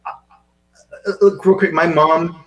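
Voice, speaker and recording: A man who grew up in Seychelles, hosting a casual video chat in an animated way, often stumbling over repeated words. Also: a little high, unhurried, low-quality recording. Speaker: host. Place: live video call.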